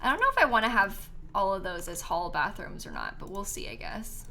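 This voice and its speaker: A woman's voice: medium pitch, huge pitch swings, a little fast, creaky, sharp tone, slight background noise. A woman chatting casually on a live stream as she builds in a life-sim game, giggling often and answering her chat.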